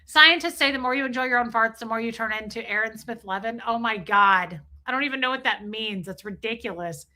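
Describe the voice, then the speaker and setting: A woman in her forties hosts a stream, speaking a little fast in a slightly high voice. Casual and crude, she cracks jokes with animation and reads the chat aloud.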